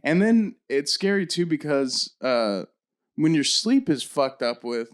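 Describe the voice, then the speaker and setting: A man who is a comedian, a guest on a podcast, talking loosely with quick reactions and swearing. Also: fairly high pitch, big pitch swings. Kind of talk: casual chat.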